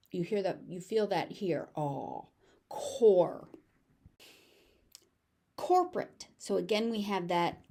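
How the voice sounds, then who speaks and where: A woman with a General American accent teaching pronunciation, repeating each word slowly and deliberately. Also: mid-range voice, dark tone. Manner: slow, deliberate word drilling with repeated examples. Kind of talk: pronunciation lesson.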